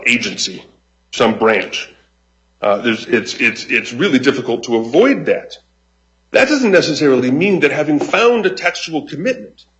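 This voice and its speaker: A man giving a formal oral argument as counsel before a high court, measured and deliberate with frequent restarts. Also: a bit bright, lo-fi sound. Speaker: attorney arguing an appeal.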